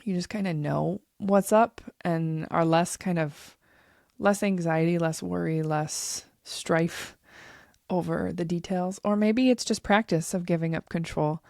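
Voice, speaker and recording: A woman's voice: fairly low pitch, unhurried, creaky, darkish tone, dry recording, studio quality. A woman in her thirties hosting a podcast, telling a personal story in a candid, emotional way and swearing freely. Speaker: podcast host.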